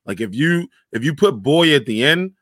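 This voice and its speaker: A man chatting casually on a panel over a video call, animated and slangy, often restarting his sentences. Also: on the high side, normal speed, no echo. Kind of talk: casual podcast chat.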